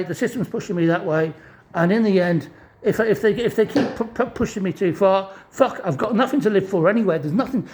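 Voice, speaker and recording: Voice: medium pitch, a little mellow. A speaker giving a distressed, angry rant to camera, swearing constantly and stammering over restarted phrases. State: distressed and furious. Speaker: vlogger living in a hostel. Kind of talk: angry ranting monologue.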